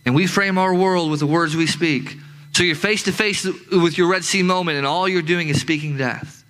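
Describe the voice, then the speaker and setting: A man's voice: on the high side, fairly even intonation, moderate pace, a bit bright, poor audio. A man preaching a sermon as pastor to his congregation, emphatic and repetitive, circling back on his key phrases. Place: church with a live congregation.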